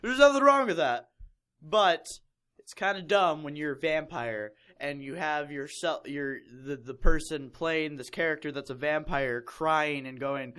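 A man's voice: fairly high pitch, measured pace, sharp tone, clear, resonant tone. A young man reading a fan fiction aloud in a casual comedic chat, mocking it and laughing often. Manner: mocking, laughs often, puts on silly voices for quotes.

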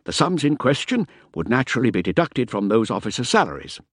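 A man's voice: medium pitch, big pitch swings, brisk, no echo, studio quality, pitched above the performer's own voice. A man voicing a fussy, compulsively tidy paymaster who speaks in precise, formal phrases.

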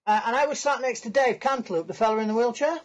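Through muffled, lo-fi video-call audio, a male podcast guest speaks very fast in a very high voice. He laughs his way through a lengthy, chatty story, poking fun at himself.

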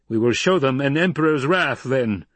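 A man's voice: mid-range voice, lively intonation, normal speed, no echo, voice pushed up. A man doing a furious, menacing emperor. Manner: commanding, menacing, rising to shouts. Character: imperious scowling male emperor, threatening.

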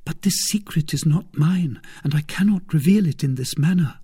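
A man voicing an anxious, earnest young woman who questions eagerly in a raised, breathy tone. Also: a little high, normal speed, warm tone, pitched above the performer's own voice. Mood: pleading.

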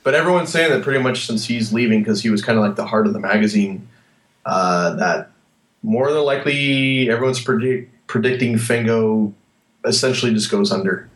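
A man's voice: fairly low pitch, moderate pace. A man co-hosting a podcast, chatting casually and rambling with self-corrections. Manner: rambling, self-correcting, laughs at own attempts. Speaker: podcast co-host. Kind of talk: casual chat. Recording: roomy echo.

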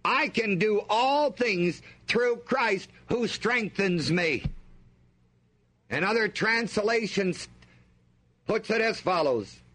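Animated high-voiced male preacher. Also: slow pace. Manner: emphatic, call-and-response questions to the congregation. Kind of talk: sermon.

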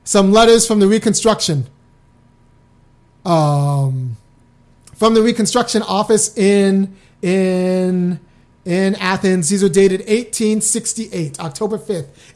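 A woman's voice: mid-range voice, darkish tone. A middle-aged woman hosting a casual commentary show, talking wryly and reading out old letters. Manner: conversational, wry, speeds up when emphatic.

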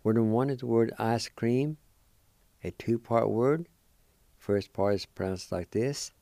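A man teaching a language lesson, spelling and sounding out words slowly, syllable by syllable. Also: fairly low pitch, creaky, mellow, no echo. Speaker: language teacher and radio host. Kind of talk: slow pronunciation lesson.

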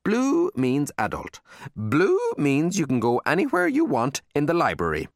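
A man's voice: fairly high pitch, wildly swooping pitch, measured pace, no room sound, clean studio sound, pitched above the performer's own voice, exaggerated voice. A man reading as Spud, a stern old librarian. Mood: warm. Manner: clipped, commanding. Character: stern older woman librarian, fierce but secretly kind.

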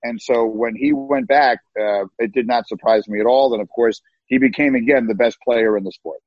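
Husky-voiced man on a dull remote line. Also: mid-range voice, normal speed, no room sound. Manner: emphatic, repeats words when starting sentences. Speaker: guest. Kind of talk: animated storytelling. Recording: dull lo-fi, dry.

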